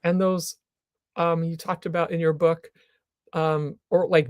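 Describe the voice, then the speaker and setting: A woman's voice: sits low, flat delivery, measured pace, dry recording, clean studio sound. A woman hosting a live interview show, supportive, reading out viewer comments and prompting her guest with fillers. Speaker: talk show host.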